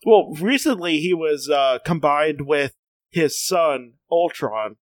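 Guy on a comics podcast, kinda high voice, laughing thru it, dry close mic. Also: takes it slowly, no echo. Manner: animated, laughs often, stumbles and restarts. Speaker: podcast co-host. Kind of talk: casual comics podcast chat, reading a wiki aloud.

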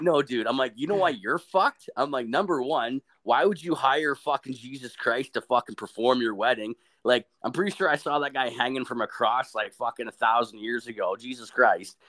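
Foul-mouthed young man telling a story. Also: mid-range voice. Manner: profane, animated, quotes people in funny voices. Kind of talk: crude casual storytelling.

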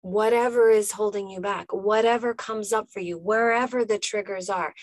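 An emphatic woman coach delivers a motivational monologue, speaking straight to the listener and hammering home short, punchy phrases. Her voice sits at an ordinary middle pitch and sounds dry, with no room sound around it. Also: fairly even intonation, moderate pace, hardly any pauses, no room sound. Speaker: life coach.

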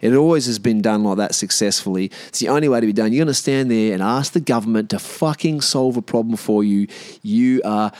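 A man's voice: medium pitch, fast talker, few pauses, darkish tone, no echo. An Australian man hosting a solo podcast rant from inside a caravan, blunt and swearing freely, with lots of "mate" and restarts as he thinks aloud. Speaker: podcast host. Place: in a caravan with the doors open.

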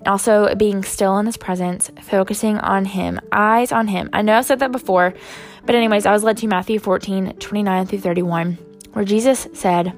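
Gravelly-voiced woman giving a casual devotional. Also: medium pitch, darkish tone. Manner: rambling, many "um"s and "you guys". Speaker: Christian vlogger sharing a devotional.

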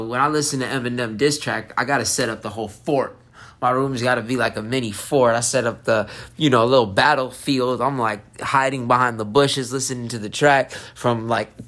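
A man hosting a casual solo podcast, rambling and excitable while high, jumping off topic. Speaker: podcast host.

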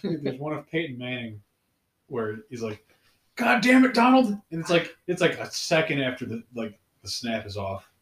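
A man's voice: mid-range voice, expressive, moderate pace. A man chatting casually with friends, laid-back with short remarks. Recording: echoey room.

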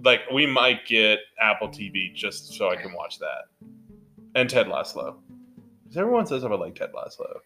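A man's voice: fairly low pitch, big pitch swings, moderate pace, sharp tone, soft background music. A man co-hosting a casual movie podcast, talking in an upbeat, rambling way full of fillers. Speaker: podcast co-host.

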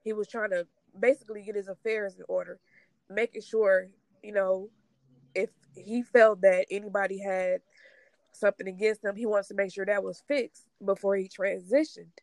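A woman speaking in a halting, tearful way, sharing her grief in a casual conversation. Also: mid-range voice, steady tone, a little mellow, dry recording, rough recording. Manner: halting, tearful, trying not to cry. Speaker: grieving sister sharing her story.

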